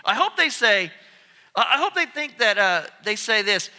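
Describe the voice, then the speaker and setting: A man preaching a sermon as pastor, telling stories in an animated way. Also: high voice, moderate pace. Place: church sanctuary. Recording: long church reverb.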